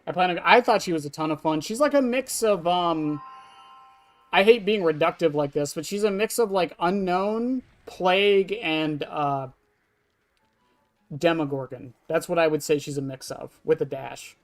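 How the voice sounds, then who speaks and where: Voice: mid-range voice, normal speed. Blunt, swearing game streamer over faint music. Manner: blunt and offhand, swears freely, answers chat between moves. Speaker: live streamer playing an online horror game. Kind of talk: casual live-stream gameplay commentary.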